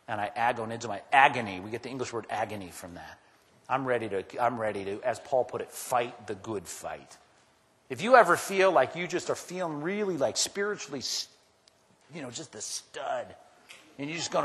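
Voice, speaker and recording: A man preaching a sermon as pastor, animated and conversational, jumping his pitch up sharply when he acts out quoted voices. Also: moderate pace. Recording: long hall reverb.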